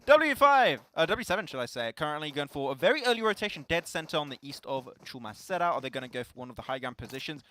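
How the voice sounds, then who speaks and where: A young man with a French accent, a French speaker commentating live on a mobile game tournament, playful and laughing easily, climbing into excited calls on big plays. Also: fairly high pitch, fast talker, hardly any pauses. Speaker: esports caster.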